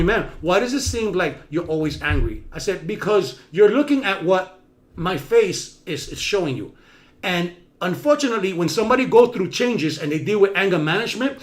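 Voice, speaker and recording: This live-stream host's motivational talk is animated, alternating between booming emphatic moments and soft, low-voiced asides.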